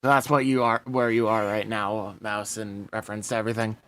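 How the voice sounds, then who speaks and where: Bright-voiced man running a tabletop game. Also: on the low side, flat delivery, fairly quick. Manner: swears casually, laughs mid-sentence. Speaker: game master.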